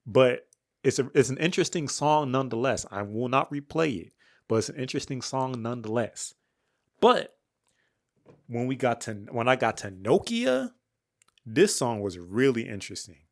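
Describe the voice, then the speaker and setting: A young man giving a candid, slangy album review, rambling with fillers and restarts, dropping to low mutters and jumping up when excited. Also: moderate pace. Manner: swings between flat mutters and excited highs. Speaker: music reviewer. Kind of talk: casual album review monologue.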